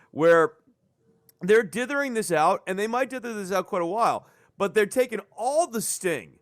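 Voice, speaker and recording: A man chatting on a podcast in a rambling, animated way, dropping curses for emphasis. His voice sits a little high and sounds dry and close to the mic. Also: no echo. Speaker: podcast host. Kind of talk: casual political podcast chat.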